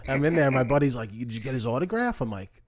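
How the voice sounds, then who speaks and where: A man from New Jersey, a comedian hosting a podcast, telling stories in a casual, animated way and often laughing. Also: mid-range voice, fairly quick. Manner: animated, laughs often, acts out his own past lines. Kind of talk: casual storytelling chat.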